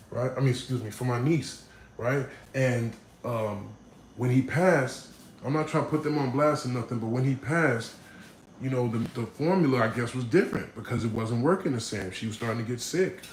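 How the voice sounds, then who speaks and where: Animated slangy man telling a story. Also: mid-range voice, a little hiss or hum. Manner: animated, slangy, swears, breaks into impressions. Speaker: vlogger. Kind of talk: casual storytelling to camera. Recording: roomy room with faint ambience.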